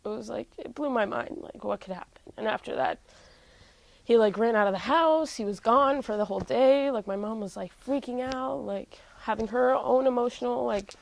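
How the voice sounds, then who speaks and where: A woman's voice: a little high, normal speed, creaky, dry recording, low-quality recording. A young woman musician telling a personal family story in an interview, candid and full of "like" fillers. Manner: heavy use of "like" fillers, candid.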